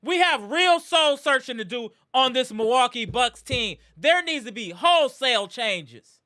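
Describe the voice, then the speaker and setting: A woman's voice: fairly high pitch, lively intonation, measured pace, pushed and bright. A woman hosting a live sports reaction stream, ranting in anger and frustration with repeated outbursts. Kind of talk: live fan reaction rant.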